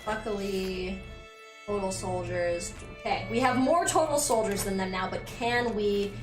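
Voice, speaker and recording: A woman's voice: medium pitch, measured pace, echoey room, distant mic, music in the background. A young woman casually commenting on her strategy game play, chatty and sarcastic, swearing now and then. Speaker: gaming streamer. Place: home room.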